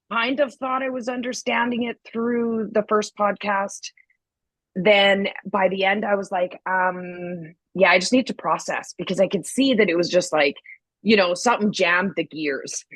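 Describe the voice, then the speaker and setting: A woman's voice: mid-range voice, measured pace, no echo, rough recording. A woman co-hosting a podcast, telling a story candidly and acting out what people said, with a slight cold. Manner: candid, animated storytelling with acted-out quotes. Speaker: podcast co-host. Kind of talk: casual chat.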